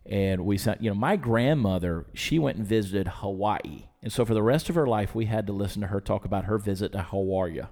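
Southern man, low register, lively anecdotal talker on a podcast. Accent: muted Southern US. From Georgia, US. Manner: storytelling, animated, quick to laugh. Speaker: podcast guest. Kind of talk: casual chat. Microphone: studio microphone with headphones.

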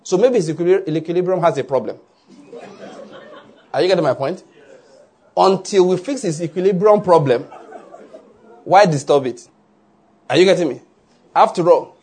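A man preaches with a slightly high, husky voice. His delivery is animated and keeps checking that the congregation follows along. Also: normal speed, pauses often. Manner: animated preaching, asks "are you getting my point?" often. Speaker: pastor. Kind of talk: sermon.

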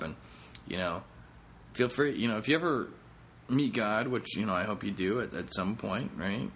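A low-voiced man rambles through a casual solo podcast monologue. He is a comedian who swears freely and drifts between topics with self-mocking asides. His talk is loose and unhurried. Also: lively intonation, a bit bright, a little hiss or hum.

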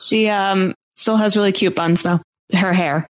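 A podcast co-host in a mid-pitched voice chats casually and drops wry, joking asides about the competitors. The delivery is relaxed and conversational. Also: unhurried. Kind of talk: casual chat.

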